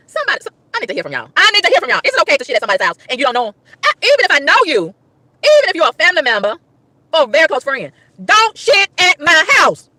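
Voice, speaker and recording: A woman's voice: sits high, huge pitch swings, very fast, pushed and bright, no room sound. A woman vlogger telling an exasperated story, exclaiming and repeating lines for emphasis, recorded in a car. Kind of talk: animated storytelling rant.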